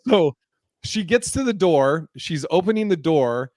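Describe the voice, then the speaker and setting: A man telling a story in a casual podcast chat, animated and profane, laughing often as he talks. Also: on the high side, a little slow, no echo, studio quality.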